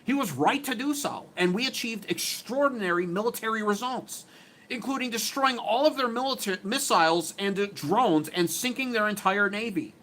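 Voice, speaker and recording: A man mocking a whiny high-voiced politician. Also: normal speed, a bit bright. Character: whiny, nasal-sounding male politician, mocked impression. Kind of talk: mocking impression read from a post.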